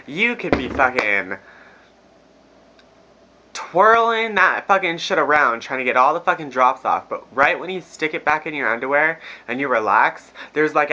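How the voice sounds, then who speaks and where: A man's voice: mid-range voice, bright, forceful tone, muffled recording. A young man telling a crude story to his viewers in a casual, profane, laughing rant. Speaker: vlogger. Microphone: phone camera.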